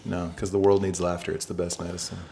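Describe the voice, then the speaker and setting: A man's voice: low voice, monotone, quick pace, gravelly, mellow. A man co-hosting a comedy podcast, teasing his partner in a dry, casual way. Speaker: podcast co-host. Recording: noisy with clicks.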